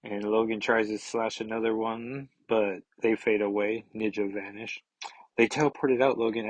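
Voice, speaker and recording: A man's voice: lowish voice, level tone, moderate pace, no echo, low-quality recording. A man reviewing a comic book in a casual, rambling way, reading panels aloud with chatty asides.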